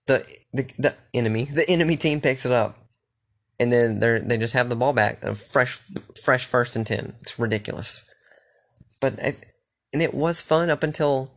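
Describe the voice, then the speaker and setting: This young man's voice is medium-pitched and a touch bright. He chats loosely and rambles, cursing often and frequently starting his sentences over.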